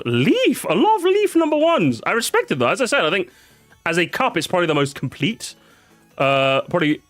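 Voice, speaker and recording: A man's voice: on the high side, a bit bright, no echo. A tired man chatting casually on a live stream, repeating words, swearing and reacting to his chat.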